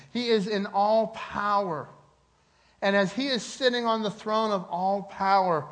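A man preaching a sermon. He swings between loud, emphatic peaks and hushed, low phrases, and he stretches key words slowly for emphasis. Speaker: pastor.

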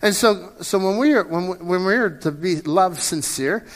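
A man's voice: high-pitched, normal speed, big-room sound. A man in his fifties preaching a sermon as a pastor, in a conversational way that often repeats and restarts words. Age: 50s.

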